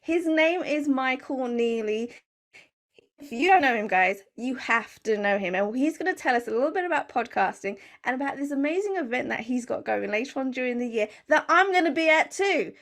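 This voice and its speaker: A woman's voice: high-pitched, animated, fairly quick, fairly bright tone. A woman hosting a podcast interview, talking in an effusive, gushing way about her guest. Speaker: podcast host. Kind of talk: enthusiastic interview chat.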